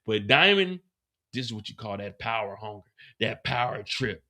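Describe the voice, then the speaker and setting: Male host for a casual recap stream, animated and cussing freely, bright forceful voice. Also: lowish voice, normal speed. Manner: animated, profane, slangy. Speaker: livestream host.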